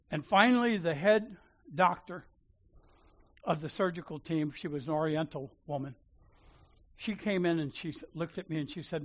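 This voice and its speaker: A church elder preaching in an animated storytelling way, acting out each exchange and chuckling along. His voice sits a little high for a man, with lively jumps in loudness. The sound is muffled and lo-fi. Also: moderate pace. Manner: animated, acts out dialogue, chuckles. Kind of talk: sermon storytelling. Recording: dull lo-fi sound.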